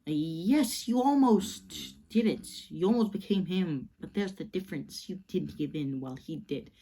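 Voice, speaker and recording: A woman doing a calm, wise old butler. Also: fairly low pitch, measured pace, creaky. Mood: reassuring.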